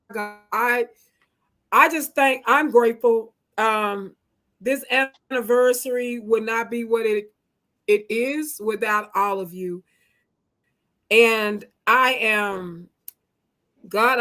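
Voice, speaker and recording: High-voiced heartfelt woman CEO. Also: a bit bright. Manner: heartfelt, emotional, folksy. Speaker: nonprofit CEO. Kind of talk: emotional thank-you speech on a video call. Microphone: video call.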